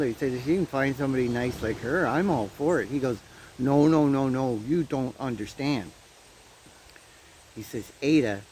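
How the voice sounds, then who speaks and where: A Canadian vlogger with a medium-pitched voice chats casually through a personal story, laughing at his own tale. He's outdoors on a windy day, and the poor-quality audio picks up light wind noise.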